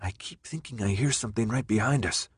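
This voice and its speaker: A man's voice: lowish voice, a little fast, slightly rough, no room sound, studio quality. A man voicing a sensible, street-smart older man who drops Spanish words, in an audiobook. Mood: wary.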